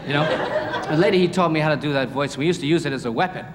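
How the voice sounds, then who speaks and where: A man's voice: fairly high pitch, fast, a crowd in the background. A male stand-up comedian telling stories with many chatty asides. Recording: roomy hall with faint noise.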